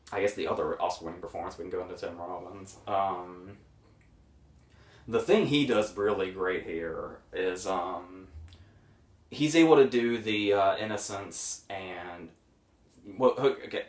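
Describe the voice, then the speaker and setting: A man casually reviewing a film, rambling with many ums and short amused laughs. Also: fairly low pitch. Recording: roomy echo, mic at a distance.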